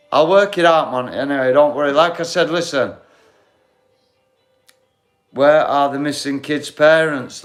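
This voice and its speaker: A man hosting a live stream, chatting bluntly with viewers, heated and swearing freely. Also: mid-range voice. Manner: blunt, heated, swears, talks straight to the chat.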